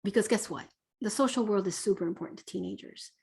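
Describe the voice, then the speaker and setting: A woman's voice: medium pitch, quick pace, gravelly. A woman parenting expert answering viewer questions on a live online Q&A, speaking in a conversational coaching way with many fillers. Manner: warm conversational coaching, frequent fillers, reads questions aloud. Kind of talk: live online Q&A, casual advice.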